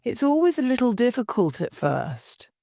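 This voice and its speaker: A woman voicing a fussy, scatterbrained old queen who talks in a high, fluttery way and breaks into wailing cries. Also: very animated, moderate pace, vocal fry, dark tone, dry recording, clean studio sound.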